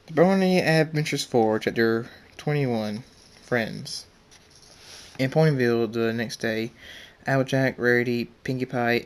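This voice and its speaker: Young man, casual story reading, halting, restarts, mid pitch. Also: smooth.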